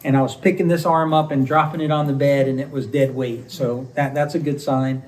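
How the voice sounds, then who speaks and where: A man's voice: medium pitch, steady tone, a little fast, a little mellow, recorded from a distance, rough recording. A middle-aged man, a homestead channel co-host, casually telling about his surgery with an easygoing, joking manner. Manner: easygoing, joking, chuckles between phrases. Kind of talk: casual recovery story vlog.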